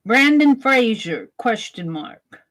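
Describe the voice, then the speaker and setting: A woman's voice: a little high, big pitch swings, slow, rough recording. A woman chatting on a live art stream, talking through her sketch and reading viewers' comments aloud. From Wisconsin. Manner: chatty, reads chat aloud while sketching.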